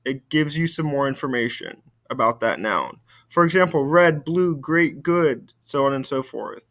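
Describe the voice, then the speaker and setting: A man, a French teacher giving a recorded video lesson, slowly modeling words for students to repeat. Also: medium pitch, lively intonation, a bit bright. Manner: slow, careful model pronunciation for students to repeat.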